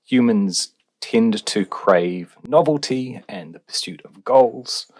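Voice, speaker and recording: A man's voice: medium pitch, expressive, takes it slowly, a little mellow, no echo. A male relationships researcher, answering podcast questions in a wry, explanatory way with fillers.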